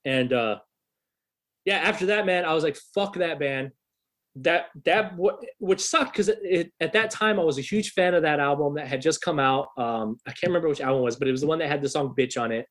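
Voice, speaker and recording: A man in his thirties, a musician guest on a podcast, telling a story in a casual, swearing, animated way. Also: on the high side, fairly quick. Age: 30s. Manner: swears freely, animated retelling.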